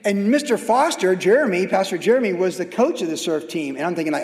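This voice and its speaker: A man's voice: high-pitched, lively intonation, quick pace, few pauses, darkish tone. A middle-aged man who is a pastor, giving a sermon in a conversational, anecdotal and humorous way. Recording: reverberant hall.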